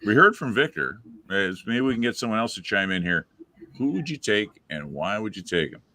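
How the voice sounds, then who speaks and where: A man's voice: fairly low pitch, very animated, brisk, bright, forceful tone, dry recording. A man hosting a live fan chat show, posing questions to his guests and viewers. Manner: leads the discussion and poses questions to guests and viewers. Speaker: podcast host.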